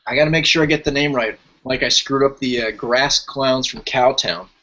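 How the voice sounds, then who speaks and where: A man's voice: mid-range voice, normal speed, sharp tone. Podcast host, man, chatty, reads out team lists, dull lo-fi audio. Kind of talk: casual podcast chat.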